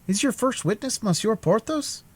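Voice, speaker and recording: Eager young Gascon swordsman, high and husky, put on by a male reader. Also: lively intonation, normal speed. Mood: astonished.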